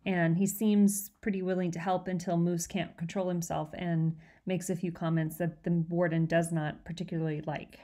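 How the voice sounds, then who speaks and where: A woman teacher reads a chapter of a novel aloud to her class. Her voice sits low for a woman, and she tells the story in a steady, clear way. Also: moderate pace, hardly any pauses. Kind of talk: reading a novel aloud to students.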